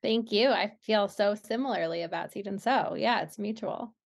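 A woman guest talks through birth prep with eager energy, thinking aloud in questions. Her voice carries plenty of vocal fry. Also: mid-range voice, moderate pace. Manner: eager, explains by asking questions. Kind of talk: casual interview chat.

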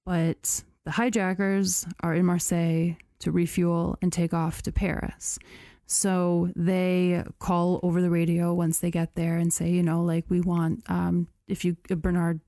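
A woman tells a story on a podcast in a loose, chatty way, full of "like" and "you know". Her voice sits a little low and sounds mellow. The recording is close and dry. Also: flat delivery, unhurried, no echo. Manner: chatty, lots of "like" and "you know", laughs often. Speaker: podcast host. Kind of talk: casual storytelling chat.

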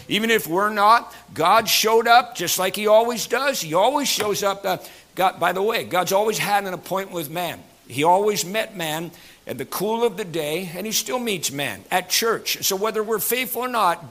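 A man pastor preaching a sermon in a folksy, joking way with many fillers, going from quiet asides to loud emphatic passages. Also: high-pitched.

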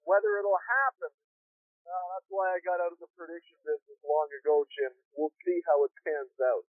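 A man's voice: a little high, fairly quick, no echo. A man calling in as a hockey analyst, talking in a thoughtful, rambling way with restarts, heard over a phone line. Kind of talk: casual phone-in chat.

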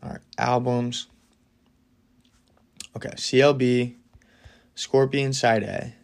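Guy hosting a solo podcast, casual and opinionated, mid-pitched voice, gets fired up quick. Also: gravelly. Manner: opinionated, fast, with excited bursts. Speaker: podcast host.

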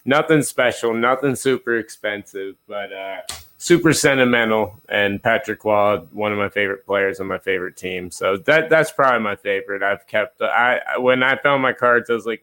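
A man's voice: fairly low pitch, normal speed, sharp tone. A man in a casual interview, speaking as a guest. He talks in an easygoing, rambling way with lots of restarts. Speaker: guest, card collector and dealer.

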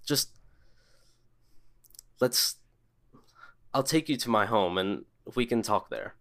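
A man voicing a gentle middle-aged mother who is crying as she speaks, in a tabletop game. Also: fairly low pitch, big pitch swings, slow pace, heavily acted. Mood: tearful. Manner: soft, breaking with emotion.

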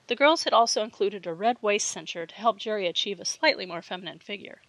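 A woman reading a fiction audiobook with steady storytelling narration. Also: medium pitch, quick pace, no echo, low-quality recording.

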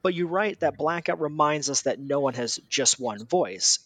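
A man's voice: on the high side, expressive, moderate pace, a bit bright, no room sound. Man interviewer, dry close sound. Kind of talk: interview questions.

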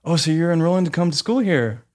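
A man's voice: on the high side, expressive, quick pace, pitched above the performer's own voice, natural voice. A man voicing an eager, smiling, buff man in his thirties, speaking in a friendly, upbeat way. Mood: cheerful.

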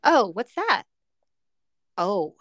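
Animated, giggly woman podcast co-host. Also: medium pitch, very slow, no echo. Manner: animated, giggly, exclaims with surprise. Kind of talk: casual chat.

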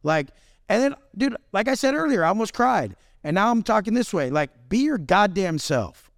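A man's voice: high voice, sing-song, moderate pace, no room sound, studio quality. A man speaking as a podcast guest in brash, intense, profanity-heavy casual chat.

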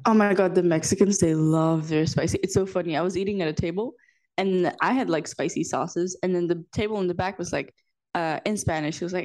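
A woman's voice: on the low side, brisk, darkish tone. A young woman from Macau, co-hosting a podcast, who tells anecdotes in casual chat and laughs often. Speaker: podcast co-host.

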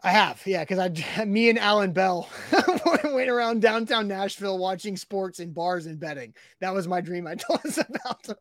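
A man's voice: high voice, moderate pace, few pauses, fairly bright tone, no echo, studio quality. A man co-hosting a casual morning sports show, talking in a loose, rambling way and laughing readily. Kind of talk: casual sports radio chat.

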